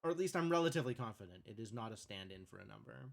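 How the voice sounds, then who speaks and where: A man's voice: fairly low pitch, animated, racing, gravelly. Musing male game streamer. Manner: thinking aloud, musing. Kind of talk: live game commentary.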